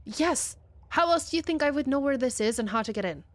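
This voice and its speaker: A woman's voice: high-pitched, expressive, brisk, dry recording. A woman playing her character in a tabletop role-playing game, talking in an earnest, pleading way. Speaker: player.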